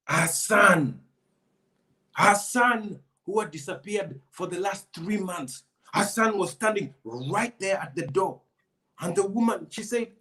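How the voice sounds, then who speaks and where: A man's voice: sits high, unhurried, sharp tone. A man telling a folk tale with repeated lines and questions to the audience. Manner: repetitive, call-and-response delivery. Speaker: storyteller. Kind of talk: storytelling for an audience.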